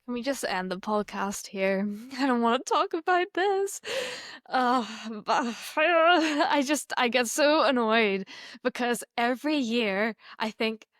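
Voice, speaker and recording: A woman co-hosting a motorsport podcast in casual chat, laughing often and exasperated, with quick asides. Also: a little high, lively intonation, a bit bright, dry recording, studio quality. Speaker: podcast co-host.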